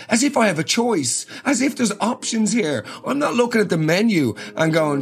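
An Irish man hosting a podcast, telling a comic story in an animated, exasperated rant. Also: sits high, normal speed, hardly any pauses, husky, soft background music. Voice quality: animated, exasperated ranting with swearing. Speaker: podcast host. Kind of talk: comedic storytelling monologue.

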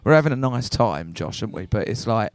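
A man's voice: on the low side, very animated, brisk, no echo. A man hosting a casual podcast, matey banter with a lot of swearing. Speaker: podcast host.

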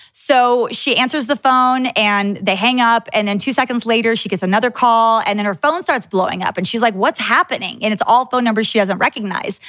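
Animated woman host telling a story. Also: fairly high pitch, no room sound. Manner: animated, candid, swears freely. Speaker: podcast host. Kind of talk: casual storytelling.

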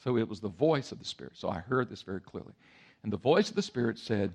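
A male pastor preaching a sermon, telling a story in a lively way and acting out voices and sounds. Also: on the low side, fast talker, creaky, breathy edge.

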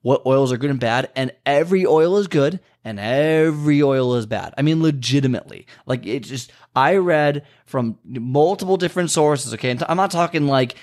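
Male trainer hosting his own podcast; loose, repetitive, filler-heavy talk at an ordinary pitch. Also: normal speed, few pauses, a little mellow. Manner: rambling, repeats himself, frequent fillers. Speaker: fitness and nutrition trainer. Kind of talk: casual podcast monologue.

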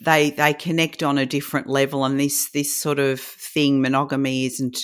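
Low-voiced mother, wry. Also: level tone, normal speed, clean tone. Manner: dry storytelling, wry asides. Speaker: host's mother, guest. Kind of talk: casual chat.

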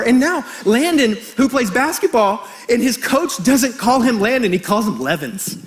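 A middle-aged man preaching a sermon as pastor, animated and storytelling, joking with the congregation. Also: very high voice, moderate pace, hardly any pauses.

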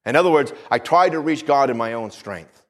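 A man's voice: medium pitch, lively intonation, fairly quick. A man preaching a fervent sermon, calling out for amens from the congregation as his voice swells and drops. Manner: fervent, rising and falling preaching with call-outs for amen.

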